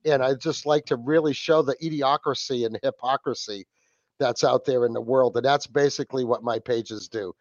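A man's voice: mid-range voice, normal speed, no echo, dull audio. A man from New England with a Boston accent, chatting casually as a podcast guest, rambling with lots of fillers and restarts. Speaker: podcast guest, host of his own podcast.

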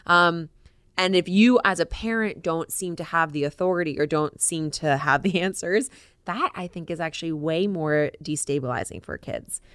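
Low-pitched reflective woman co-host. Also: moderate pace, a bit bright, clean tone, dry recording. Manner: thoughtful, reflective, frequent restarts. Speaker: podcast co-host. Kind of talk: casual parenting chat.

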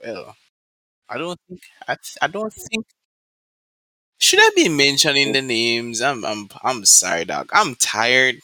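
A man's voice: medium pitch, big pitch swings, a little slow, bright, forceful tone, dry recording. A young man hosting a casual podcast, tired after a sleepless night, easygoing and calling everyone bro. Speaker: podcast host. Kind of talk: casual chat.

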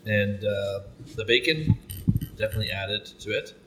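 A man's voice: fairly low pitch, moderate pace, fairly bright tone, poor audio. A man in casual food-review chat with friends, laid-back and self-deprecating. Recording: faint background noise.

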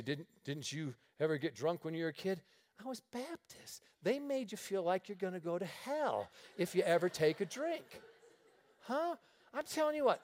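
A middle-aged man preaching, telling lively stories and laughing his way through them. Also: sits high. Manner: animated storyteller, laughing through his anecdotes. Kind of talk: storytelling sermon.

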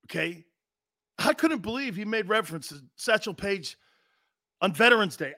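A man with a high, bright, pushing voice holds forth as a sports talk host. He is blunt and profane, hammering the same points over and over. The sound is close and dry, with no room around it. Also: animated, normal speed, dry recording. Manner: blunt, profane, repetitive and heated. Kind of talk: opinionated live sports talk rant.

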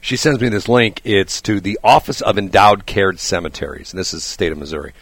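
Male radio host, slightly hoarse, lowish voice, dry studio sound, lively storytelling. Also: a little fast, no echo. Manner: animated storyteller, laughs often. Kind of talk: casual radio banter. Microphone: studio microphone.

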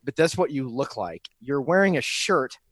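A man's voice: mid-range voice, animated, normal speed, no room sound. A man co-hosting a podcast in casual chat, joking and teasing and laughing often. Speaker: podcast co-host.

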